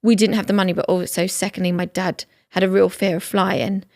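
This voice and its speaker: A woman's voice: medium pitch, flat delivery, a little fast, creaky, darkish tone, dry recording, clean studio sound. A woman co-hosting a podcast, chatting and agreeing often with "yeah". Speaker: podcast co-host. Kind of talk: casual chat. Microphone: studio podcast mic.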